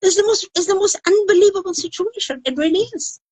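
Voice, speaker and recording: A woman's voice: extremely high pitch, quick pace, a little mellow, no echo, poor audio. An older woman from Afghanistan, a women's rights activist, speaking earnestly in an emotional interview and repeating phrases for emphasis. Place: indoors in Kabul.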